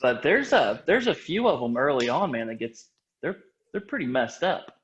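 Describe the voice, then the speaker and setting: A man's voice: mid-range voice, very animated, normal speed, muffled recording. A man co-hosting a casual gaming podcast, talking in a loose, rambling way and correcting himself as he goes. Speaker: podcast co-host.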